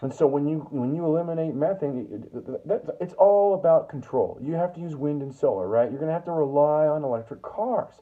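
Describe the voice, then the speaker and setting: This heated, profane political monologue comes from a man whose voice is a little high; he speaks a little fast with few pauses and keeps stammering and starting over. The US Northwest commentator's audio has a tinny, phone-like quality.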